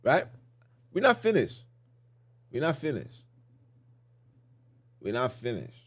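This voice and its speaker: A man's voice: mid-range voice, wildly swooping pitch, takes it slowly, breathy edge. A man hosting a podcast, teaching scripture in a casual preaching style, repeating phrases and asking the listeners questions. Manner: repetitive, emphatic, rhetorical questions.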